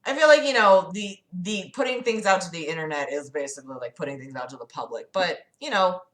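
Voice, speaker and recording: A woman's voice: lowish voice, expressive, a little fast, fairly bright tone, roomy sound. A woman hosting a casual livestream chat, rambling and profane with lots of fillers. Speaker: livestream host.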